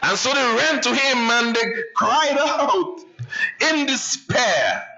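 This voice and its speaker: A male pastor preaching a sermon dramatically, swinging from raised passages to hushed ones. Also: very high-pitched, expressive, slow pace, vocal fry. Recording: dull lo-fi church livestream.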